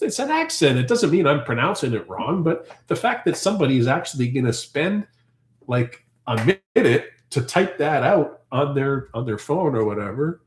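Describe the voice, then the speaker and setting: A man's voice: mid-range voice, a little hiss or hum. Talkative canadian guy on a farm livestream, rambles a lot, mid voice, roomy echo. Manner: talkative, rambling, answers viewer comments. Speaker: farm channel host. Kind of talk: casual live-stream chat.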